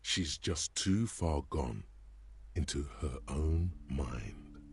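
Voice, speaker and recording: A man voicing a sardonic, all-knowing inner-voice narrator in a game, with a gravelly voice and a slow, wry, knowing manner. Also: extremely low pitch, lively intonation, exaggerated voice. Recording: faint game music behind.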